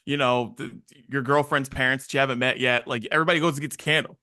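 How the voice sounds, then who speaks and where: A man co-hosting a podcast in casual chat, animated, acting out little quoted exchanges as he tells stories. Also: medium pitch, fast, no room sound, studio quality. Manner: animated storytelling with acted-out quotes. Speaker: podcast co-host.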